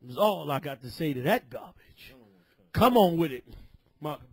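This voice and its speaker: A man preaching a fiery sermon, shouting and scolding his listeners. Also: fairly high pitch, big pitch swings, normal speed, husky.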